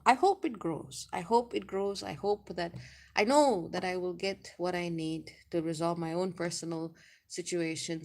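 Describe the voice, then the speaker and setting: A woman astrologer chatting casually on a live stream, reading out viewer messages, laughing often and speaking warmly. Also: fairly low pitch, creaky.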